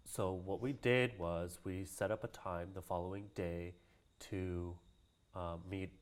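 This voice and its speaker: Clear and resonant, this man's deep voice holds a steady tone at a slightly slow pace. A Hawaiian cultural practitioner and interview guest, he tells a story casually, laughing often and acting out the voices of people he quotes.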